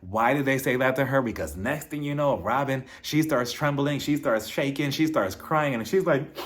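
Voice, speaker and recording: A young man in a mid-range voice, chatting through a reality TV recap. He is sassy and animated, throws in snarky asides, and mimics the cast members he is talking about. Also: mid-range voice, normal speed. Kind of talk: casual episode recap.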